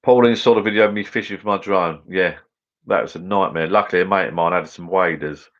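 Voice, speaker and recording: English bloke rambling away on a live stream, deep voice, dull lo-fi sound. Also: male voice, brisk, fairly bright tone. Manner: chatty, rambling, matey. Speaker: livestream host. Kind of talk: casual live chat reading viewer comments. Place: garden bar shed. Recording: dull lo-fi livestream audio.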